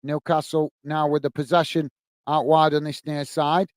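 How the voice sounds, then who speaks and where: A man's voice: a little high, little pitch movement, normal speed, no room sound. A man hosting a football watch-along stream, giving friendly play-by-play and chatting with viewers as he goes. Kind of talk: live match commentary while greeting chat viewers.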